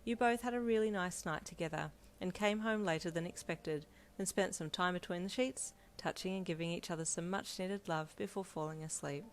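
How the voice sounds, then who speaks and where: Woman, narrator, romance story reading, calm even delivery, lowish voice. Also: brisk, few pauses.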